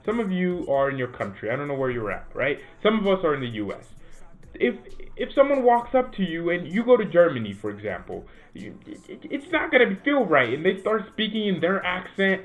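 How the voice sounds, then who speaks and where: A man's voice: high voice, a little fast, soft background music. A man hosting a football fan channel, rambling in casual commentary and often tagging his points with "right?". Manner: animated, rambling, keeps asking "right?". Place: home room. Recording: tinny phone-like sound.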